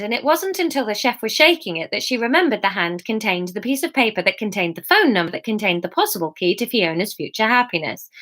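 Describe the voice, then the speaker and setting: A woman's voice: mid-range voice, fairly bright tone. A woman author reading her own novel live, with chatty, giggly, self-mocking asides to her viewers.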